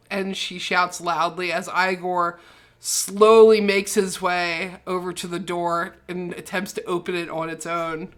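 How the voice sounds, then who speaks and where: A woman's voice: lowish voice, flat delivery, unhurried. A woman narrating a tabletop role-playing game as game master.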